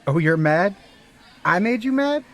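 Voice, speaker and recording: A man's voice: high voice, very animated, unhurried, pitched above the performer's own voice, heavily acted. A man putting on the voice of a smug male coworker, mocking and needling in a storytelling podcast. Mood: taunting.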